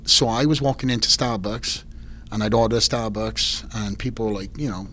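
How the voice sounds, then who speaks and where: A man's voice: lowish voice, normal speed, a bit bright. A middle-aged man with a Welsh accent, a podcast guest telling stories in casual chat, swearing freely and acting out quoted voices with animation. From Wales. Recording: faint background noise.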